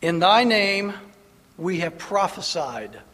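A man's voice: sits high, very animated, fairly bright tone. A man preaching a sermon, emphatic, pressing his listeners with rhetorical questions. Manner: emphatic, rhetorical questions, slow deliberate delivery. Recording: long reverb of a large hall.

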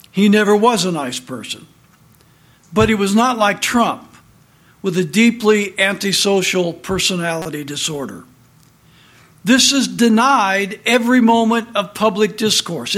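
A middle-aged man with a notably high-pitched voice reads commentary aloud in an indignant tone. He takes his time and drags the words out, marking each quotation with a spoken "quote" and "close quote". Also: fairly bright tone.

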